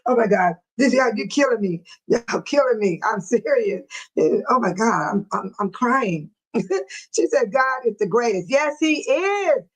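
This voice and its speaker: Older Chicago-area woman, livestream host, casual and chatty, quick to laugh, fairly high pitch. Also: slightly rough, low-quality recording. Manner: laughs often, animated and chatty. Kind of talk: casual livestream chat reading viewer comments.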